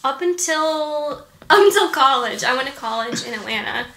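Young woman guest from Georgia, high bright voice, giggly and self-mocking, roomy echoey recording. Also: animated, moderate pace. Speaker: guest actress. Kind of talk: casual interview chat.

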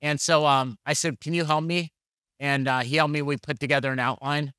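A man's voice: on the high side, level tone, fairly quick, pushed and bright, dry recording, studio quality. A man preaching a conversational sermon, telling candid, jokey stories and acting out the dialogue. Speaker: pastor.

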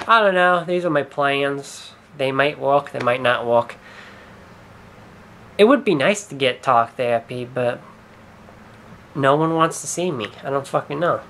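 A man's voice: mid-range voice, measured pace, long pauses, a bit bright, a little hiss or hum. A young man talking through a rambling vlog monologue, hesitant and swearing often, trailing off and restarting his sentences. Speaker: YouTuber.

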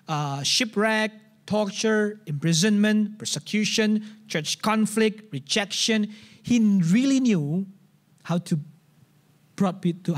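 At a church service, a high-pitched pastor with an Indonesian accent gives a sermon, keeping it animated and conversational while often restarting and acting out examples.

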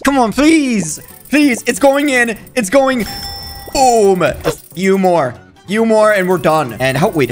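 A young man giving excited running commentary while he plays a video game, cheering and groaning at each kick and talking to his in-game pets. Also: high voice. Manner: hyped, jumpy, talks to the game and its pets. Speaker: gaming video creator. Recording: faint background music.

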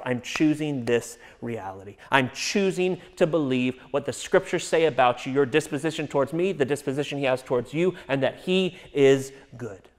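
A man preaching a sermon as a pastor, earnest, often dropping to a soft hush. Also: medium pitch, long reverb tail. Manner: earnest, drops to a soft hush on reassuring phrases.

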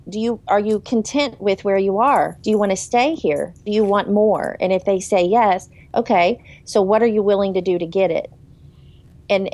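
A woman's voice: medium pitch, a little mellow. A woman speaking as a sales consultant on a video call, earnest and motivational, often restarting her sentences. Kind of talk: casual testimonial chat.

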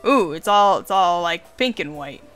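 A woman's voice: lowish voice, expressive, a little slow, a bit bright, clear, resonant tone, faint music behind. A woman hosting a let's play, reading a dating game aloud with casual, giggly commentary and swearing.

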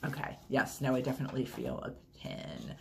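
A woman's voice: very deep voice, sing-song, fairly quick, vocal fry, darkish tone, slight background noise. Chatty, rambling woman unboxing stickers. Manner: enthusiastic, gushing. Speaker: unboxing vlogger. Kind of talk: casual unboxing chat.

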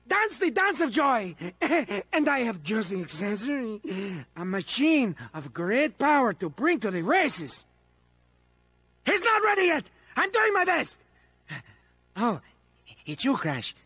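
An actor voicing a manic, melodramatic male mad-scientist henchman in a video game, with a raspy, theatrical delivery that swings between wheedling and raging. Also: fairly bright tone, no room sound, heavily acted. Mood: gleeful, then fretful. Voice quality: raspy, high-strung, theatrical. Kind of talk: video game character voice acting.

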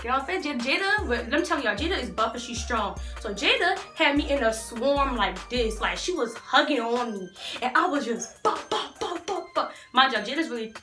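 A young woman vlogger telling a storytime tale in an animated, slangy way, talking straight to her viewers. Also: sits high, moderate pace, roomy sound, soft background music. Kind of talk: storytime vlog.

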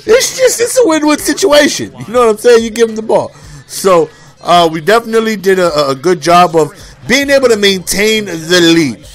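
High-voiced, joking game commentator man. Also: big pitch swings, normal speed. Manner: playful, boastful, joking; repeats phrases, frequent "you know what I'm saying". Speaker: gameplay commentator. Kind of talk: casual video game commentary.

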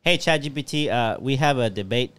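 A man's voice: mid-range voice, animated, a bit bright, clean tone, dry recording. A male podcast co-host in casual chat. He races through his points, often restarting mid-thought. His voice is close and dry on the mic. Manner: quick, with frequent restarts.

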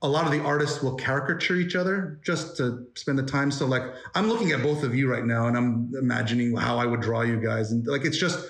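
A man's voice: medium pitch, fairly quick, few pauses, reverberant. A man, a guest animator, chatting casually in an interview, rambling with lots of fillers and restarts. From New York.

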